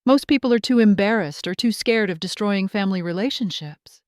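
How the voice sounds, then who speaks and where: A woman's voice: medium pitch, a little fast, no echo, studio quality, close to an everyday voice. A woman voicing a frank female police officer in scripted storytelling narration. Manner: frank, explaining.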